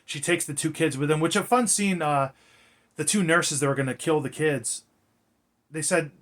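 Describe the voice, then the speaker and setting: A movie reviewer recaps a film in loose, casual talk, swearing and using lots of filler words as he rambles from scene to scene with easy enthusiasm. His voice is a little high for a man and a bit bright, at a moderate pace.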